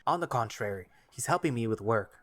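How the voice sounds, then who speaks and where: A man's voice: mid-range voice, expressive, a little fast, a bit bright, no echo, natural voice. A man voicing a guarded black male wolf butcher who answers in short, clipped lines. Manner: terse, reluctant, clipped replies.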